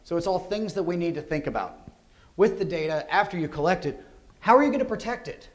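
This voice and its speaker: A man's voice: high voice, brisk. Upbeat man giving a conference talk. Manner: energetic, conversational, rhetorical questions. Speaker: conference speaker. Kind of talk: security conference presentation. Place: conference hall.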